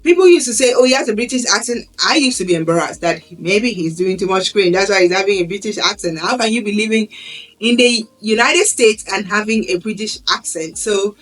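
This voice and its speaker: A woman's voice: medium pitch, fairly quick, a bit bright. A woman vlogging about parenting in an earnest, conversational way, often restarting her phrases. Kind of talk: casual talk to camera. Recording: slightly distant mic with faint background music.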